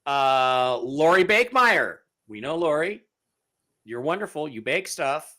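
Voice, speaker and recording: A man's voice: a little high, unhurried. A man hosting a live-streamed talk show, reading out giveaway winners in a casual, repetitive way with many fillers. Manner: animated, repeats phrases, many fillers. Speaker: show host.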